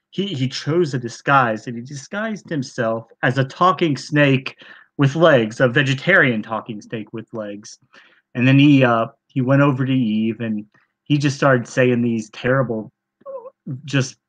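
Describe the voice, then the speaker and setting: A man's voice: mid-range voice, fairly bright tone. Rambling sarcastic man retelling a story. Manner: sarcastic, rambling with many fillers. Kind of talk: mock-earnest retelling.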